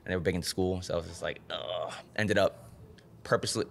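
A man's voice: low voice, very fast, gravelly, slight background noise. A man from the Bronx, a pro fighter and guest on a podcast, telling a story in casual chat and acting out the lines of people in it. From the Bronx, New York. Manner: animated storyteller, acts out quotes, restarts often.

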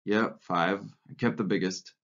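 A man reading the part of a calm, dignified male mule driver who speaks matter-of-factly. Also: deep voice, measured pace. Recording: lo-fi recording.

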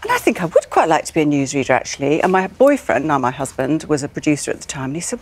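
An older woman recalls her early career with self-deprecating humour. Her voice sits a little low and swings widely as she tells it, lively and animated. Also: fast talker, breathy edge. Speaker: former newsreader guest. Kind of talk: studio guest chat with anecdotes.

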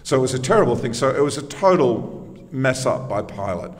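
Male preacher, middle pitch, chatty storytelling sermon, long church reverb. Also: big pitch swings, fairly quick. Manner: conversational storytelling with emphatic rhetorical questions.

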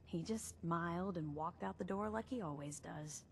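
A tired office secretary in a video game. She speaks low and plainly, worn down but direct. A faint noise hangs in the background. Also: moderate pace, gravelly. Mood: weary.

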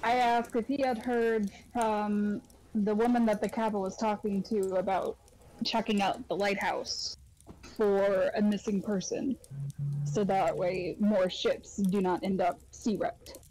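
A woman playing a tabletop roleplaying game, speaking casually and haltingly. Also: mid-range voice, little pitch movement, warm tone, rough recording. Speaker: player.

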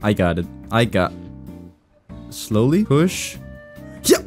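A young man commentating his own gameplay, getting frustrated and cursing often with sudden excited outbursts. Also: fairly low pitch, slow pace, soft background music. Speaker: gaming video host. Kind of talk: let's play commentary.

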